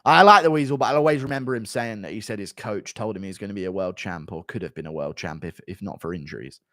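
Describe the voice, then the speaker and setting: A man hosting a casual live stream, loud and animated, swearing and laughing at his own jokes. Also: lowish voice, fast talker, no echo, clean studio sound. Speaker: streamer host.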